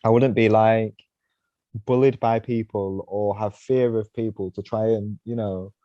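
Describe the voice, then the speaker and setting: A man's voice: on the low side, fairly even intonation, unhurried, no echo, lo-fi sound. Rambling man telling stories on a podcast. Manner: rambling, leans on "you know" and "right?". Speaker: podcast guest, mountainboarder. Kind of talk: casual storytelling.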